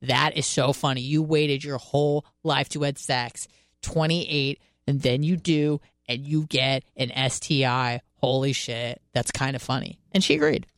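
A woman's voice: very deep voice, steady tone, unhurried, no echo. Young woman radio host, casual storyteller, frank and crude, dry studio sound. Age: 20s. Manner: candid, profane, laughing storyteller.

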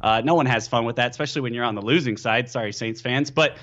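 A man as a guest on a sports podcast, telling stories in an animated, excitable way with lots of fillers. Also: medium pitch, fast, dull audio. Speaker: podcast guest, team analyst. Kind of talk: casual sports podcast chat.

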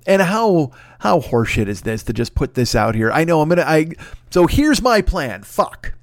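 A man's voice: a little high, lively intonation, normal speed, no echo, clean studio sound. A man hosting his podcast, under the weather, rambling and swearing with many restarts in a casual solo announcement. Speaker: podcast host.

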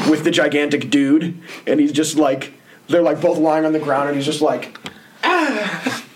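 A man's voice: on the high side, level tone, measured pace, slight background noise. A male podcast host in casual chat, rambling and jokey with many fillers.

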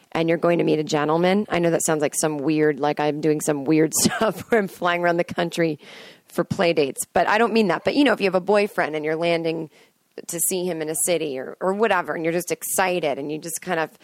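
A woman's voice: fairly low pitch, no room sound. A woman hosting a podcast, talking in a chatty, digressive solo monologue and breaking into sung snippets and acted-out voices. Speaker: podcast host. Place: in bed at home.

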